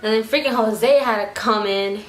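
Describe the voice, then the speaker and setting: At home in an echoey room, a young woman vlogger tells a story casually and animatedly, swearing a lot and speaking in quick bursts. Her voice is on the high side.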